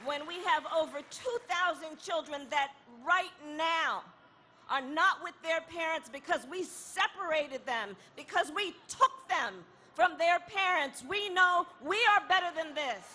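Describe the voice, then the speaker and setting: A woman giving an impassioned protest rally speech outdoors, repeating a refrain and building to shouts. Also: very high voice, unhurried, a little hiss or hum. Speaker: rally speaker.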